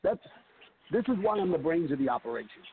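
A man with a high, raspy-edged voice tells a comic story. He talks in lively, animated bursts. The sound is thin and phone-like, with a faint hiss behind it. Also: quick pace. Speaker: wrestler guest. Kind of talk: casual podcast chat.

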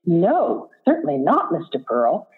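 A woman's voice: fairly low pitch, huge pitch swings, measured pace, breathy edge, pitched below the performer's own voice, exaggerated voice. A woman reading aloud as a young, sincere psychic woman with a lilting, pleasant manner, over a tinny phone-like line. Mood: earnest. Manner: lilting, pleasant, a bit indignant.

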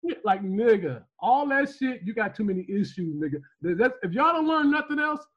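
A man with a high, husky voice that swings up and down as he teases and curses. He riffs loudly on a casual podcast, laughing at his own jokes. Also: animated, a little fast, muffled recording. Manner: loud, profane, mocking, laughing. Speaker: podcast co-host.

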